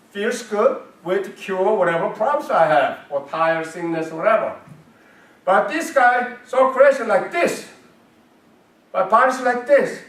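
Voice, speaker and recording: A man's voice: high voice, fairly bright tone. A man, a martial arts grandmaster, teaching a health class in broken, emphatic English, asking questions and answering them himself. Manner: emphatic, non-native phrasing, asks and answers his own questions. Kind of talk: class instruction. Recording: roomy sound from a distant mic.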